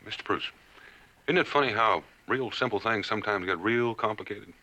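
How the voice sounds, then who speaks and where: Plain-spoken frontier hero. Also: male voice, fairly low pitch, normal speed, bright, forceful tone, muffled recording, slight background noise. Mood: searching.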